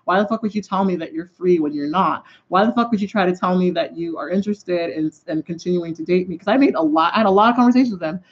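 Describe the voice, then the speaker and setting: A woman's voice: on the low side, quick pace, few pauses, dull audio. A woman vlogging in a casual, exasperated way. She swears heavily and talks while she puts on her eyeliner. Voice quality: heavy swearing, exasperated and blunt. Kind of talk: casual venting vlog.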